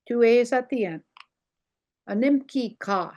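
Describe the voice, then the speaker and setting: Slow, patient older woman teaching words. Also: on the high side, darkish tone. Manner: slow, repeats words carefully, explaining pronunciation. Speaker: language teacher. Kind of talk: online language lesson.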